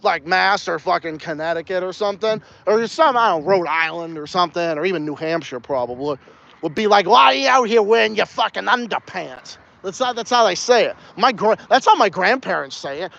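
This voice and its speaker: A man's voice: sits high, a little fast, vocal fry, a bit bright, highs cut off. A man with a New England accent hosting a casual podcast outdoors, rambling and swearing as he laughs through his chat. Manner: profane, rambling, laughs often. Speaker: podcast host. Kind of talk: casual ranting livestream chat.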